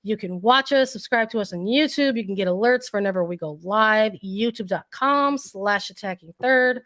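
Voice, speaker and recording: A woman co-hosting a casual sports podcast, hoarse and losing her voice, who often clears her throat and repeats words while she thinks. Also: mid-range voice, normal speed, fairly bright tone. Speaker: podcast co-host.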